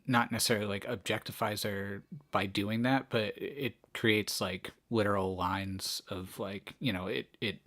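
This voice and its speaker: A man's voice: on the low side, fairly even intonation, a little slow, few pauses, a bit bright. A man co-hosting a casual book club discussion, thoughtful with hesitant phrasing.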